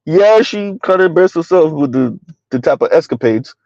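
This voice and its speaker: A man's voice: lively intonation, brisk, darkish tone, dry recording. A man doing casual livestream commentary, reading out viewers' chat and asking rhetorical questions, his voice leaping up when he sounds incredulous. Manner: rhetorical, keeps asking "Right?", swings pitch up when incredulous. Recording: dry, slightly dull lo-fi audio.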